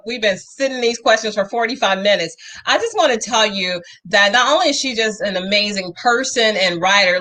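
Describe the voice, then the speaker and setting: A talk show host with a bright, forceful voice. She gushes with emphatic praise and lays on the compliments, leaning into each one. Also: mid-range voice. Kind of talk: effusive interview chat.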